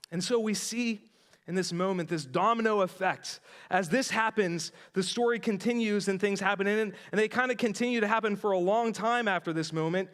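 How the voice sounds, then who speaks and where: A man with a rather high voice preaches in a church in a relaxed, conversational way. He retells a story with animated asides and speaks straight to the congregation. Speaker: pastor. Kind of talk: sermon. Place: church sanctuary.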